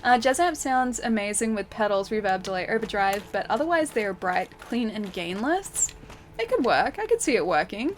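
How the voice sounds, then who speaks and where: A woman's voice: mid-range voice, big pitch swings, normal speed, slight background noise. A young woman streaming a game, chatting casually with her viewers, laughing often and thanking them as she plays. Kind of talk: casual gameplay commentary reading chat.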